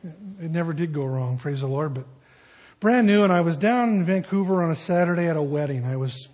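Pastor guy preaching, kinda husky, high voice, chatty and jokey. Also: a little mellow. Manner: conversational, joking asides. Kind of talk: sermon.

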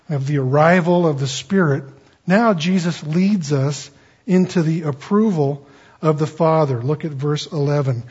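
A man delivers a sermon in a somewhat high, husky voice, pressing on key words with sudden lifts of energy. The recording is dull and lo-fi. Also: a little mellow. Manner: emphatic, conversational teaching with rising bursts. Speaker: preacher. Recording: dull, lo-fi sound.

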